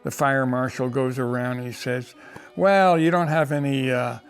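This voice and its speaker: Older man, gravelly storyteller who restarts often, faint music bed. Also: mid-range voice, fairly even intonation, moderate pace. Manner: rambling, with repeated restarts and acted quotes. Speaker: interviewee storyteller. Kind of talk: casual storytelling.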